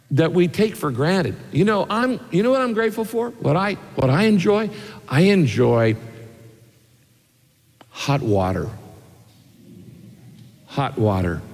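A man's voice: a little high, gravelly, long reverb tail. A man preaching a sermon, telling homey stories and asking rhetorical questions. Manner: folksy storytelling with rhetorical questions. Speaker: pastor.

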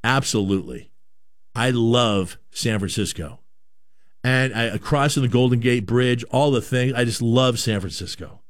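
A man's voice: mid-range voice, measured pace, no echo, clean studio sound. A man born in Canada hosting a sports talk show, giving a rambling, opinionated monologue with lots of repeated words.

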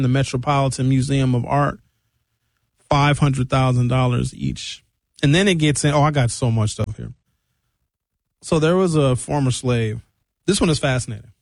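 A man talks through his notes in a casual monologue, his voice sitting a little high. He sounds indignant and animated, and he breaks in with jokey asides. The recording is dry and close, with no room sound. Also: gravelly, dry recording. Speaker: commentator.

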